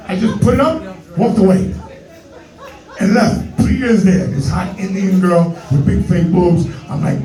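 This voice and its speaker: Man in his forties, Bronx accent, stand-up comic, high voice, echoey room, mic far off, faint music. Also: expressive, normal speed, darkish tone, some chatter behind. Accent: New York (Bronx). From the Bronx, New York. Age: 40s. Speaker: stand-up comedian. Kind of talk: stand-up storytelling.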